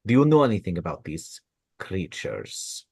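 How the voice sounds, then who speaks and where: A man playing a tabletop game, speaking formally and in measured tones as his character. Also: deep voice, very animated, vocal fry, darkish tone, husky, no echo, studio quality. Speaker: player. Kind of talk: in-character tabletop role-play.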